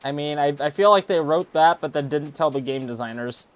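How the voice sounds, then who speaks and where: A man's voice: on the high side, a little fast, clear, resonant tone, lo-fi sound. Joking man rambling through a co-op game. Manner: rambling, jokey, does silly voices. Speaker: game streamer. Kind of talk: casual co-op gaming chat. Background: game music.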